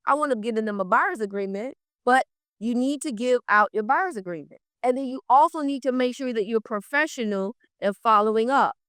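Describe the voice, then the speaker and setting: A woman, running a real estate training class in an energetic, direct way. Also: high-pitched, no echo, clean studio sound. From South Florida. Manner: energetic, talks straight to the class.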